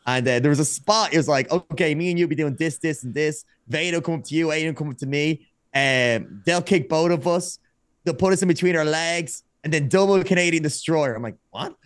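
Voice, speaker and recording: Animated man telling wrestling stories. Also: fairly high pitch, brisk, clean tone, no room sound, clean studio sound. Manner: animated, acts out quoted dialogue, frequent restarts. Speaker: podcast guest, former wrestler turned streamer. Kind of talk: casual storytelling chat.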